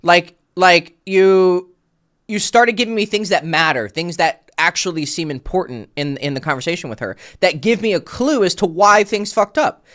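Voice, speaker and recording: A man's voice: high-pitched, normal speed, a bit bright. A man working as a dating coach, talking a client through his mistakes on a call in a blunt, casual way that includes swearing.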